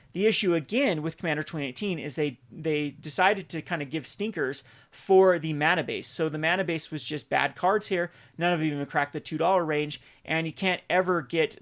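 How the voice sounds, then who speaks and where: A man's voice: on the high side, a bit bright. A man hosting casual market commentary, rambling with many restarts and exasperated asides. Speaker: channel host.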